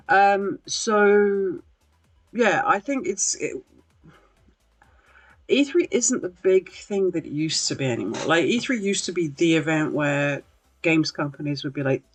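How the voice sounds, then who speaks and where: A podcast host chatting casually on a livestream, rambling with lots of fillers, apologizing and laughing at themselves. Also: mid-range voice. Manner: rambling, filler-heavy, self-deprecating laughs. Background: faint background music.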